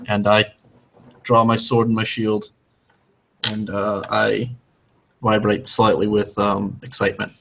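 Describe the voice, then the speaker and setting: A man playing a tabletop role-playing game, with deadpan jokes. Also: fairly low pitch, measured pace, creaky, pauses often, a little hiss or hum. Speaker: player.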